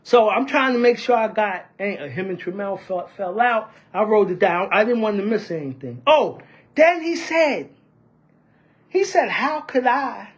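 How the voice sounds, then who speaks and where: A woman's voice: mid-range voice, animated, normal speed, slightly rough, muffled recording. A woman speaking out fiercely about union politics, piling up rhetorical questions and repeating her points. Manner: fiery, repetitive, rhetorical questions. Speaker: union member. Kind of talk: impassioned union-politics rant.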